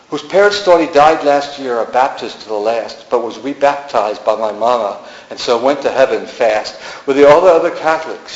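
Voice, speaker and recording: A man poet giving a sing-song reading of rhyming verse at a gallery. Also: mid-range voice. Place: art gallery. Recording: roomy, dull gallery recording.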